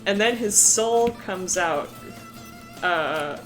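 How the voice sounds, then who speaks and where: Woman streamer, laid-back pace, expressive pitch, profane and giggly. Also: very slow, over music. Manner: profane, laughing, rambling. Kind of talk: casual live-stream worldbuilding chat.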